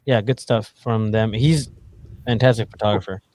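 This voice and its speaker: A man's voice: on the low side, steady tone, moderate pace, a little mellow. A man co-hosting a podcast in casual chat, laid-back and chatty. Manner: laid-back, lots of fillers and laughs. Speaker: podcast co-host.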